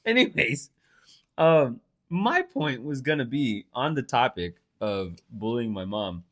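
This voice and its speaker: A man co-hosting a casual podcast, teasing and profane, who laughs often mid-story. His pitch moves a lot, rising and falling as he talks. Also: very animated, measured pace. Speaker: podcast co-host. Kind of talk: casual chat. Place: Phoenix.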